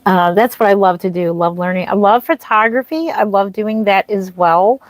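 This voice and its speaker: A woman's voice: mid-range voice, moderate pace, no room sound. A woman streaming live as a reborn doll artist, chatting casually, greeting viewers and answering their comments with frequent ums and restarts.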